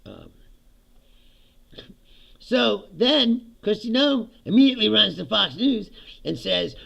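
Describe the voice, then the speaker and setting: A man's voice: on the high side, unhurried, vocal fry, bright, forceful tone. A middle-aged man hosting a livestream, giving sarcastic political commentary with frequent laughter and swearing. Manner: sarcastic, laughs often, swears, mimics others. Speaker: livestream host.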